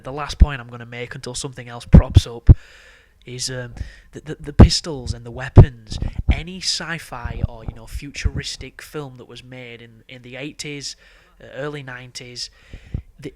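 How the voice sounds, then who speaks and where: A man's voice: mid-range voice, warm tone, a little hiss or hum. Young man rambling over gameplay. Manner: rambling, profane, laughs often. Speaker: gameplay commentator. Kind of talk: casual gameplay commentary.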